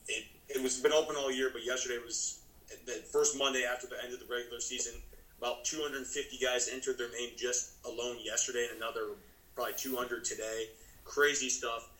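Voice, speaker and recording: A man co-hosting a sports podcast with a bright, forward tone and casual, conversational delivery. His voice rings in a roomy, echoey space. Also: mid-range voice, flat delivery, fairly quick. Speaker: podcast co-host.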